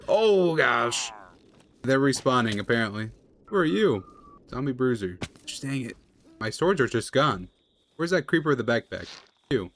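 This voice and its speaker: A young man giving casual running commentary while playing a video game, chatty and quick to shout in panic during fights. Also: a little hiss or hum. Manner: chatty, excitable, jumps into high-pitched panic during fights. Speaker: gaming video creator. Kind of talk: live gameplay commentary.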